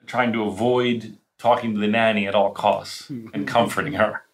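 A man's voice: mid-range voice, fairly bright tone, slight background noise. A man co-hosting a podcast, casually recapping an episode and rambling with laughs. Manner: rambling, laughing, acting out scenes. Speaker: podcast co-host.

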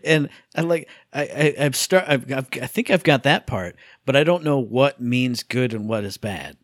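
A man's voice: mid-range voice, normal speed, dry recording, clean studio sound. A man co-hosting a casual gaming podcast, speaking in a playful, rambling way and acting out imagined scenes. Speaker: podcast co-host. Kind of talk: casual chat about games.

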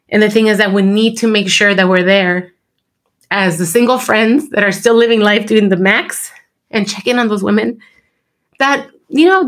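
A woman in her thirties co-hosting a podcast, talking candidly and slipping Spanish phrases into her English. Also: on the high side. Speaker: podcast co-host. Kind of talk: casual chat.

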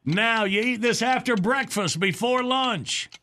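Male radio host, high bright voice, quick upbeat patter, faint background hiss. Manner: laughing, upbeat game-show patter. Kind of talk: hosting a word game on a radio show.

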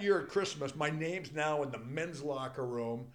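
An older man with a slightly high voice tells a story as a studio interview guest. He talks casually and swears freely. He often breaks into laughter as he goes. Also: normal speed.

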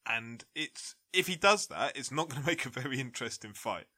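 A man in a casual podcast debate, a blunt, animated boxing pundit who says "like" often. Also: mid-range voice, fairly quick, breathy edge. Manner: blunt, animated ranting with frequent "like".

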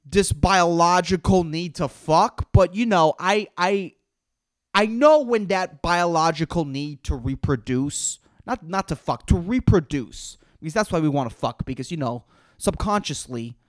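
A man's voice: sits high, animated, measured pace, no room sound. A man rambles through a solo podcast in a voice that swoops up and down with animation. He talks like a stand-up comic, loose and profane and full of fillers. The sound is dry and close, with no room around it. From Puerto Rico. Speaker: podcast host and stand-up comedian.

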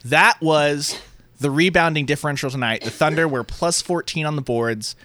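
Male sports analyst, earnest and detailed, bright tone, dry sound. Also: a little high, a little fast, dry recording. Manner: earnest, explains at length. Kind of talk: casual sports chat.

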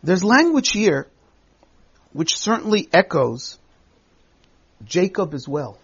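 A man teaching a Bible text in class, reading verses aloud and explaining them with emphatic, expressive delivery. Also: sits high, slow pace, breathy edge, highs cut off.

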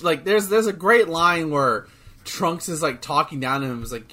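A man co-hosting a podcast in casual chat, excitable, swearing freely and restarting his sentences often. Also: a little high, normal speed. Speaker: podcast co-host.

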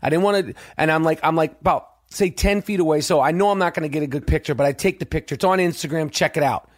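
New guy hosting a podcast, swears constantly, acts out the voices of people in his stories; high voice, dry close mic. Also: quick pace, no room sound. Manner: profane, animated, acts out quoted voices. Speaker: podcast host. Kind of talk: casual storytelling monologue.

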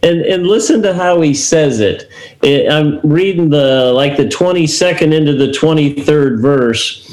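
A man's voice: fairly high pitch, unhurried, darkish tone. Man teaching scripture in a roomy space. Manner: storytelling, reads scripture aloud and paraphrases it. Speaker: co-host of a faith talk show. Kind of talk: conversational Bible teaching. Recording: roomy echo.

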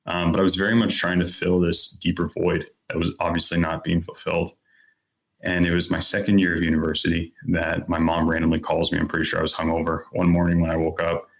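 Low-voiced man telling his story. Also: completely flat delivery, brisk. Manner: earnest, candid, lots of "like" and "you know". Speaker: podcast guest. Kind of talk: personal storytelling in conversation.

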